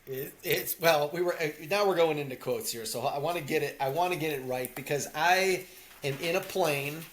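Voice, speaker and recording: A man co-hosting a casual movie podcast, talking from an airplane over earbuds and loudly acting out quotes. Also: a little high, normal speed. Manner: animated, acts out quotes loudly. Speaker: podcast co-host. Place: airplane cabin.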